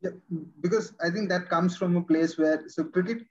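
Halting host on dull lo-fi audio. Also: male voice, high-pitched. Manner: halting, repeats words while forming questions. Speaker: show host interviewing a guest. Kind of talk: interview hosting.

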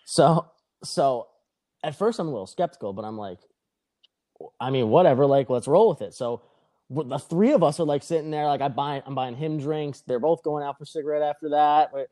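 Young guy rambling a crude bar story on a podcast, dark mellow voice, high-ish pitch. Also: fairly quick. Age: young adult. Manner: rambling, profane, animated retelling.

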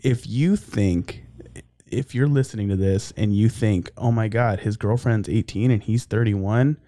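A man's voice: lowish voice, unhurried, mellow. A man co-hosting a casual podcast, joking and rambling, laughing often. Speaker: podcast co-host. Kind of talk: casual chat.

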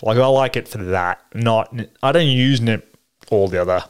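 A man's voice: on the low side, moderate pace, clear, resonant tone. A man with an Australian accent chatting casually, rambling with lots of fillers. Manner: rambling, filler-heavy, animated. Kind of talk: casual chat.

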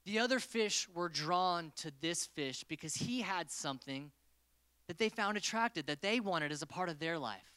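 Man, casual joking sermon, bright clear voice, dry sound. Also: fairly high pitch, animated, normal speed, no echo. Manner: playful, joking with the crowd. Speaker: preacher.

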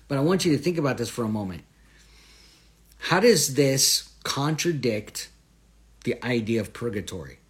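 A man hosting a Bible study, teaching in an earnest, conversational way, posing rhetorical questions and lifting his voice on scripture phrases. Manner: swells louder and higher on scripture phrases.

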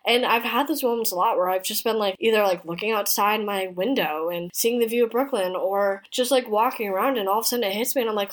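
A woman's voice: medium pitch, fast, hardly any pauses. A woman in her twenties hosting her own podcast, talking in a chatty, heartfelt way, full of "like" and "you know.". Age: 20s. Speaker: podcast host. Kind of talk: casual personal podcast monologue. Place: apartment room in a city.

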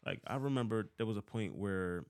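A man in his thirties with a Philadelphia accent tells a story about an old boss, heated and swearing often. His voice sits a little low. The sound is dry, with no room echo. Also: brisk, a little mellow. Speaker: vlogger. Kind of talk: casual storytelling rant.

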